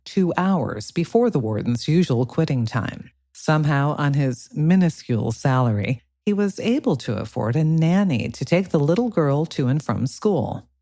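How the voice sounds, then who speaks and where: A man narrating a political thriller audiobook in a steady, even reading. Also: fairly high pitch, dry recording. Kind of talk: scripted narration.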